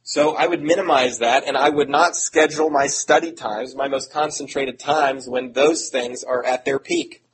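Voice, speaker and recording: A man's voice: medium pitch, fairly even intonation, normal speed, hardly any pauses, crowd noise, rough recording. A middle-aged man preaching a sermon in an earnest, conversational way, with self-deprecating asides. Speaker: pastor. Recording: audible background noise.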